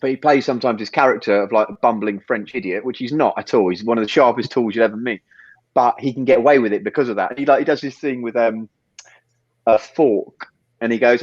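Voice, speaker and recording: A man, a guest on a podcast, telling stories in a quick, rambling way, full of fillers and restarts. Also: medium pitch, no echo, lo-fi sound. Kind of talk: casual interview chat.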